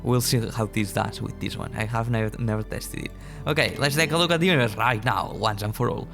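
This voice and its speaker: A man's voice: fairly low pitch, brisk, creaky, a bit bright, soft background music. A man in his early twenties from a small European country, giving casual, rambling gameplay commentary at his computer, swearing, restarting sentences and laughing often. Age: early 20s. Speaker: gaming channel host.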